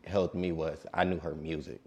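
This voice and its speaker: Man, late twenties, very low voice, calm laid-back DJ guest. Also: normal speed. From Detroit. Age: late 20s. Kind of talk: casual interview.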